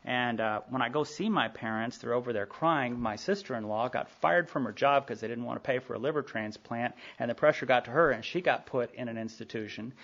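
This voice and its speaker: A man, speaking at a recovery meeting, telling his story in a quick, animated way full of asides. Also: medium pitch. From Sherman, Texas. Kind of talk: personal storytelling talk. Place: meeting hall. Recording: dull lo-fi tape recording.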